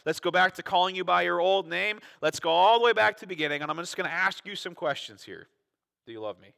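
A male pastor delivers a sermon with a bright, forceful tone and a slightly raised pitch. He reads the scripture with expression and then unpacks it in a relaxed, conversational manner, tossing in rhetorical questions and asides. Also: quick pace, gravelly. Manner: expressive scripture reading, acting out quoted voices.

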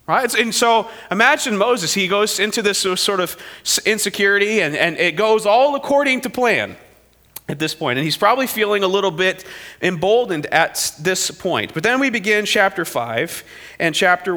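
High bright-voiced preacher in a hall. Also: male voice. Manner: animated storytelling, acting out quoted figures. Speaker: pastor. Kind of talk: sermon.

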